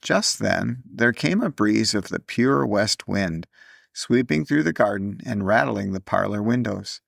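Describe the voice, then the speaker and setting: Gravelly low-voiced male storyteller. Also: animated, no room sound, studio quality. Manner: measured storytelling reading. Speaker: narrator. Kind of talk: scripted audiobook narration.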